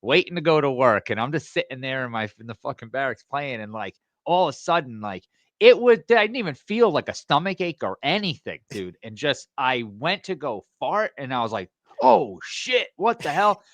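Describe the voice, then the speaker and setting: Lively profane male podcast host. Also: mid-range voice, fairly quick, dry recording. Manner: animated, profane, laughs through stories. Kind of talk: casual chat, crude storytelling.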